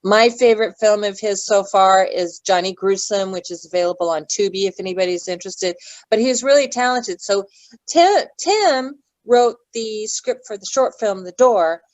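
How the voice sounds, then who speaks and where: A woman with a medium-pitched, darkish voice talks at normal speed as an actress guest in a casual interview chat. She's chatty and digressive, often losing her thread. The low-quality recording has no echo.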